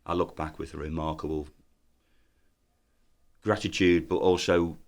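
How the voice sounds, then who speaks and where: A man in his fifties, a former footballer, telling lively anecdotes in a podcast interview and acting out other people's lines. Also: rumbling low, a little slow. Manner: lively storyteller who acts out voices in his tales.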